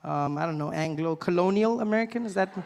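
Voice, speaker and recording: A man's voice: high voice, fast, creaky, long reverb tail, slight background noise. A man in his thirties doing a stand-up comedy routine on stage, telling stories and acting out voices. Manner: animated storytelling with acted-out voices. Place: stage before a live audience.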